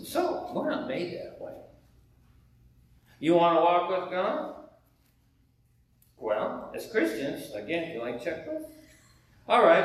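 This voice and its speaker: A man's voice: a little high, far from the mic, slight background noise. A man from the United States preaching a sermon in a conversational way, firing rhetorical questions at the congregation in a church. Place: church sanctuary. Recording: very echoey hall, heard from afar.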